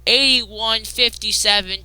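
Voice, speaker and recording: A woman hosting a casual wrestling recap, excitable, jumping between loud outbursts and muttered asides. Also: medium pitch, slow, smooth, no echo.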